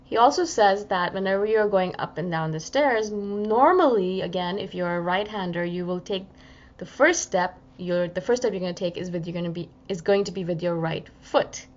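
A woman's voice: on the low side, moderate pace. A woman talking through a casual reflective podcast monologue, chatty and acting out inner voices. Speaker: self-help podcaster. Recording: slightly dull lo-fi audio.

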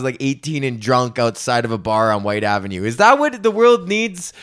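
A man's voice: medium pitch, animated, moderate pace, few pauses, fairly bright tone, clean tone. A young man hosting his own podcast from a home studio, a stand-up comedian ranting casually with lots of swearing, slang and laughter. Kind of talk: casual rambling rant.

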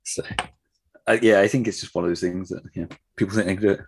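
A man's voice: sits low, fairly even intonation, fast, vocal fry, a little hiss or hum. A man co-hosting a film podcast, laid-back and hesitant. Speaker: podcast co-host. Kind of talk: casual film podcast chat.

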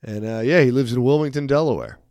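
A man's voice: mid-range voice, fast talker, darkish tone, no echo, clean studio sound. A man co-hosting a casual podcast, telling rambling stories and swearing freely. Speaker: podcast co-host. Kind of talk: casual chat.

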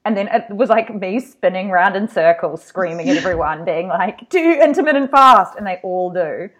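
On a casual podcast, this young co-host spins lively stories and performs the quotes of the people in them. She speaks at a moderate pace with a fairly low pitch, and the recording comes through muffled.

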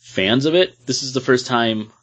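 A man from Boston co-hosting a casual podcast chat, relaxed, with trailing, hesitant phrasing. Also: mid-range voice, moderate pace. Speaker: podcast co-host.

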